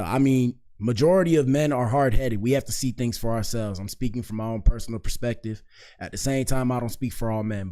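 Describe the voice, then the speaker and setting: A man's voice: medium pitch, warm tone. Laid-back slangy male streamer. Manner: laid-back, slangy, keeps saying "bro" and "dog". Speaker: streamer hosting a commentary show. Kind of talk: casual live-stream commentary.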